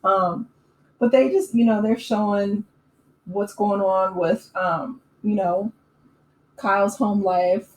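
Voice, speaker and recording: A woman hosting a casual recap channel, chatting in an opinionated way with lots of fillers and quick laughs. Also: medium pitch, steady tone, darkish tone. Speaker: YouTube recap host. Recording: echoey room with faint ambient noise.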